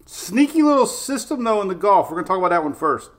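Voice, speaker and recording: A man's voice: sits high, sing-song, quick pace. A middle-aged man hosting a live weather stream, chatty and upbeat, greeting viewers by name. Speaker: weather show host.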